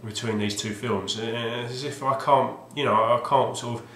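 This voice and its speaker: In this echoey home recording with slight background noise, a male vlogger rambles casually and hesitantly about his video game finds, adding wry asides and restarting frequently. His medium-pitched voice is steady, bright, and forceful at normal speed.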